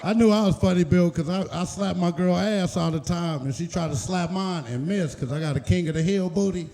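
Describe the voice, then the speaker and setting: High gravelly male stand-up comic. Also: brisk, mellow, slight background noise. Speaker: stand-up comedian. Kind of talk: stand-up set. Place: comedy club stage.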